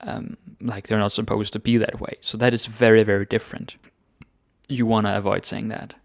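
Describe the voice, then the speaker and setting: A man teaching grammar in a relaxed, chatty way, thinking aloud with fillers. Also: lowish voice, normal speed, creaky, no room sound, clean studio sound. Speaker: Danish language teacher. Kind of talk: casual grammar lesson.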